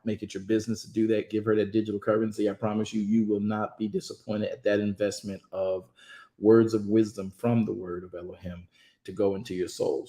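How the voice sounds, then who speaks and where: A man's voice: fairly low pitch, mellow. Male Bible study host; emphatic, preachy, folksy delivery; echoey sound. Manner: preachy, emphatic, addresses listeners as y'all. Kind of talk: online Bible study talk.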